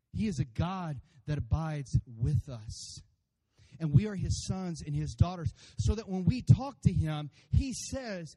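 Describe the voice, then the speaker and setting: A pastor preaching a sermon to his congregation, animated and playful, acting out voices and calling for amens. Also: sits high. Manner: animated, acts out funny voices for God and congregants; addresses congregation by name, calls for amens.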